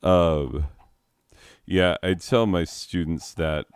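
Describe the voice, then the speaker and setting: Slow, deep-voiced rambling man. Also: steady tone, smooth, no room sound. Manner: rambling, goes off on history tangents; laughs at his own jokes and mocks things in silly put-on voices. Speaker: game video host; teacher. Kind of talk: casual gaming commentary.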